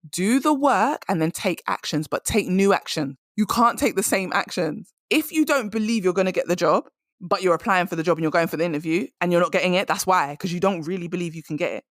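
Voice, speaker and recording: A woman's voice: fairly low pitch, no echo. Emphatic woman coaching, dry close mic. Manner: animated, direct, emphatic advice-giving. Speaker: career coach and podcast host. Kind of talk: casual podcast monologue.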